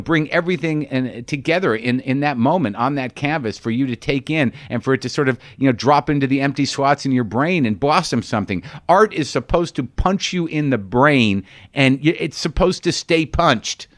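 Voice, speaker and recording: A man's voice: mid-range voice, no room sound, studio quality. A middle-aged man hosting a podcast, telling stories in a rambling, candid, profane and self-mocking monologue. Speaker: podcast host. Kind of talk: monologue storytelling.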